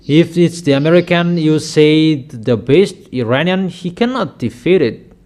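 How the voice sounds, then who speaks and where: A man preaching a sermon with slow, emphatic declarations, often repeating his lines for weight. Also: on the high side, lively intonation, a little mellow.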